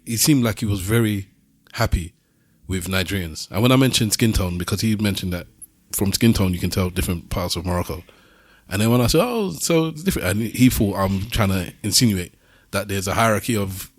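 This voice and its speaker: A man tells a story on his podcast in casual chat. His voice sits fairly low, and he animatedly mimics the people he quotes. The sound is close and dry. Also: a little fast, no echo. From Britain. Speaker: podcast host.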